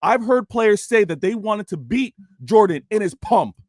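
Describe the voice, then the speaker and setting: A man with a high voice pushes his argument on a football panel and won't be cut off. The sound is dry and close. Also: lively intonation, moderate pace, darkish tone, dry recording. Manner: insistent, keeps demanding to respond. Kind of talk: heated football debate.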